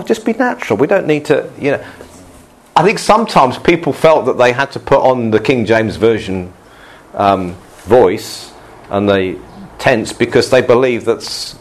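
A male pastor giving a relaxed, good-humoured sermon to his congregation, often laughing and restarting his sentences. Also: mid-range voice, a little slow.

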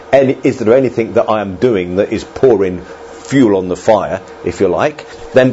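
A man preaching a sermon in a church, talking to the congregation in a conversational, animated way with asides to the people listening. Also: mid-range voice, dull audio, a little hiss or hum.

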